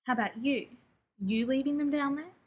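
A woman reading the lines of a gruff male helicopter pilot who gives orders roughly. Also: sits high, normal speed, muffled recording, pitched above the performer's own voice, close to an everyday voice. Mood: commanding. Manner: rough, commanding.

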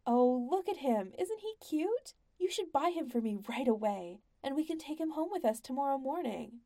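A woman voicing a spoiled, gushing rich noblewoman who pouts and squeals demands in a high, girlish voice. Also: sing-song, normal speed, dark tone, dry recording, clean studio sound. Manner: pouting, squealing, childishly demanding.

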